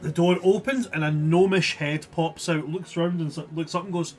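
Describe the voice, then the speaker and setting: Laughing male game master, slightly high. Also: fairly even intonation, moderate pace, few pauses, a little mellow, soft background music. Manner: loose, laughing, self-interrupting narration. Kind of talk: narrating a tabletop game.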